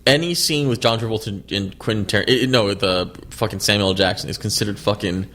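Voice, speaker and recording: A man co-hosting a casual podcast, arguing about movies with lots of swearing and excited outbursts. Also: on the low side. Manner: fast, animated, swears a lot, argumentative. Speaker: podcast co-host.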